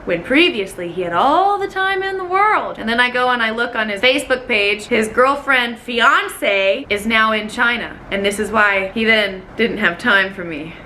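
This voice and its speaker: A woman vlogger recounts a story with a bright, ringing voice that sits a little high. She tells it dramatically, with big swoops in pitch as she acts out the moments. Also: moderate pace, hardly any pauses, slight background noise. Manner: animated, dramatic, acts out quotes. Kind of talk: storytelling vlog.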